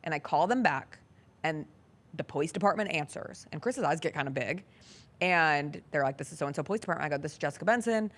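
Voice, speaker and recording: Low-voiced woman telling a story. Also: animated, fast. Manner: earnest storytelling, acts out quoted dialogue. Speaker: sports talk show host. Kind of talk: casual chat.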